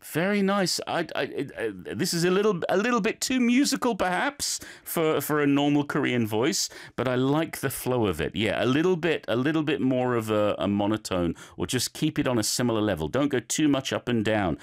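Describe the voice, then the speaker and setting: A man's voice: medium pitch, very animated, moderate pace. A man teaching, giving chatty, encouraging feedback on learners' recorded clips with plenty of fillers.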